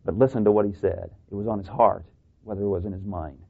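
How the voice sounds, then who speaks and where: A man's voice: lowish voice, steady tone, fast, creaky, slightly rough. A man preaching a sermon to a congregation, talking through rhetorical questions and joking asides. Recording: tinny phone-like sound.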